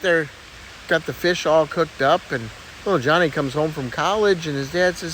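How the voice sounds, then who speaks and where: A man with a slightly high voice tells crude jokes with a lot of swing in his pitch. He jumps up high whenever a character speaks and laughs at his own punchlines. Faint background noise and passing vehicles sit under the recording. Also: expressive, brisk, a bit bright. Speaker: joke teller. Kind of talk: casual joke telling.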